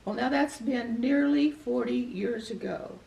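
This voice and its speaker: An older woman telling a personal story of faith in a gentle, earnest, reflective way. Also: on the high side, unhurried, creaky, dull audio. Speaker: guest sharing a personal testimony. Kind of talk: heartfelt storytelling testimony. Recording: echoey room, voice from far off the mic.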